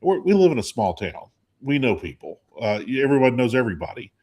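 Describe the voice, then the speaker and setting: A man tells stories in a loose, chatty way, with a pitch that climbs and dips a lot. He acts out the voices of the people he quotes and keeps the talk casual, like a radio co-host. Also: fairly quick. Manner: animated storyteller acting out quotes. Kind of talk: casual storytelling chat.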